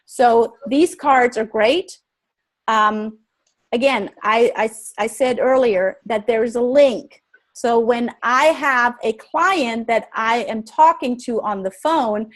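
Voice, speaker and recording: A woman teaching a live webinar, energetic and quizzing her audience with questions. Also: fairly high pitch. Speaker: webinar presenter.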